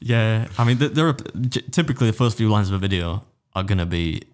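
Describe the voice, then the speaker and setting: A man's voice: fairly low pitch, animated, fast. A man chatting casually as an interview guest, rambling and self-deprecating, with many restarts. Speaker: food challenge YouTuber, guest.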